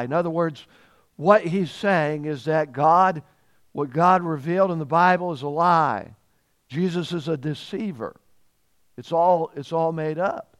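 A man preaching a sermon as pastor, emphatic and repeating phrases, growing louder on key points. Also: a little high, a little slow.

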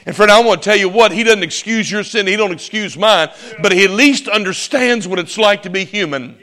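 Man preaching, high voice, emphatic, loud then hushed. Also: fairly quick. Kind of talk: sermon.

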